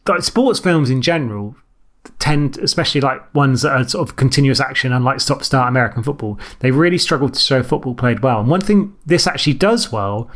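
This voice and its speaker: A man co-hosting a film podcast, talking at length in a quick, explaining way. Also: mid-range voice, expressive, a bit bright. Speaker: podcast co-host. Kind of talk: casual film chat.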